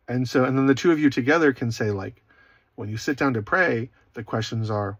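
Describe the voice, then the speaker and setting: A man speaking casually as an online Christian speaker, rambling, with self-deprecating humor and frequent quiet asides. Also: mid-range voice, fast talker, no echo. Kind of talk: casual spoken reflection. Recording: dry, slightly dull recording.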